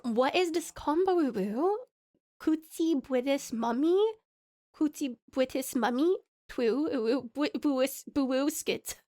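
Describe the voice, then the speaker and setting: An Australian woman streaming a game, chatting excitably with lots of giggles and playful baby talk. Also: sits high, slow. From Tasmania, Australia. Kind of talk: live game stream commentary.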